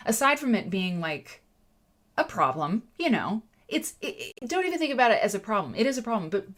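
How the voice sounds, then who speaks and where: Chatty, animated woman hosting a quilting show. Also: deep voice. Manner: chatty and animated, with many restarts and asides to viewers. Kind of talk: casual live-stream chat.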